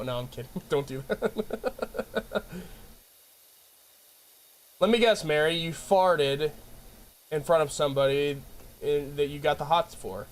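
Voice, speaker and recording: A man streaming live with a high voice that swoops up and down constantly. He jokes and rambles through playful rants, breaking into laughter often, all in a casual chat style. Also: fairly bright tone, slight background noise.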